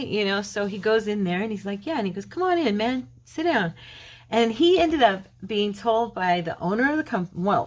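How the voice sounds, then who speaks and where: A woman hosting a craft channel, telling a long story casually while she works, acting out the quoted lines in a brighter, higher voice. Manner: chatty retelling, acting out quoted dialogue in a lifted voice; loose, rambling, with fillers and restarts. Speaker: mixed-media craft channel host.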